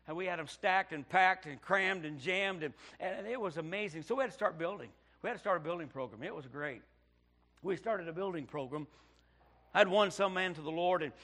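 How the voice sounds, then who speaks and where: A middle-aged male pastor, telling his story in a sermon, dropping to hushed tones and then bursting out loud. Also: on the high side. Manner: preaching with sudden loud outbursts and hushed storytelling. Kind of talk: sermon testimony.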